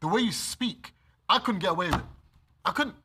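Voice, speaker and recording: A man with a British accent, preaching a sermon and reading scripture, animated and acting out the scenes. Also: high voice, a little fast, noisy background. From Britain. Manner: animated, acts out scenes, laughs often. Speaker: preacher leading bible study.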